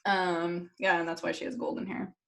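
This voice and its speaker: A woman with a somewhat low voice co-hosts a casual podcast. She tells stories in a lively, giggly way and swears freely. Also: normal speed, vocal fry. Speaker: podcast co-host. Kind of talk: casual chat.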